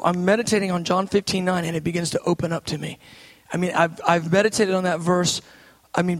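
A man in his thirties preaching a sermon with fervor, swinging between shouting and hushed asides. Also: sits high.

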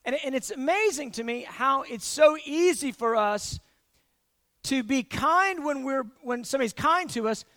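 Man, preacher, very high pitch, dry close sound, animated storytelling sermon, frequent restarts. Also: normal speed, no room sound. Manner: animated, acts out everyday scenes with frequent restarts. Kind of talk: conversational sermon.

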